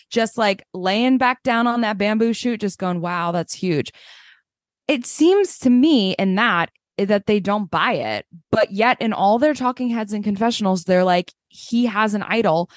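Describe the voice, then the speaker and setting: A woman co-hosting a casual podcast chat, animated and blunt, swearing and mocking people in put-on voices. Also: fairly high pitch, no room sound, clean studio sound. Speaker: podcast co-host.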